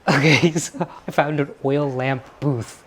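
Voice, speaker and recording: A man's voice: a little high, steady tone, a little slow, fairly bright tone, breathy edge. A man hosting a vlog, chatting with enthusiasm while browsing an indoor antique market and reading tags aloud. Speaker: vlog host. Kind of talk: casual vlog chat.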